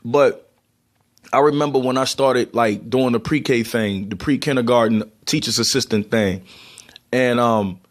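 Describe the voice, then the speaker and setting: A man's voice: medium pitch, unhurried. A man from Baltimore with a heavy Baltimore accent, talking casually to camera with plenty of ums and restarts. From Baltimore, USA. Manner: conversational, many ums and repeated words. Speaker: vlogger.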